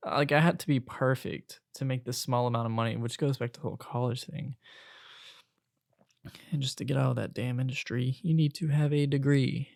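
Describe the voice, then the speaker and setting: A young man hosting his own podcast, ranting casually about retail work and college. He swings between loud outbursts and hushed asides. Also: medium pitch, fairly even intonation, brisk, creaky, no echo, clean studio sound. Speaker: podcast host.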